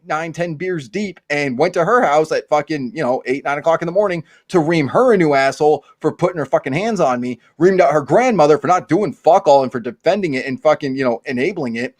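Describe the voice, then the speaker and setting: Podcast host, male, young adult; crude ranting storyteller with a slightly high voice, close and dry. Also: expressive, fast talker, few pauses, dry recording. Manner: profane, ranting, stammering restarts.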